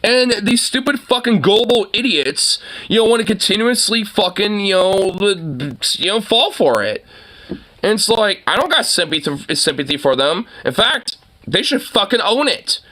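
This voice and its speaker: A man rants hard and crude, his voice set a little high and pushed sharp and tense. He rambles through endless fillers and keeps breaking into scornful laughs. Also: sing-song, normal speed. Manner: rambling, heavy filler words, frequent mocking laughter. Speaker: online commentator. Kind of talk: profane political rant.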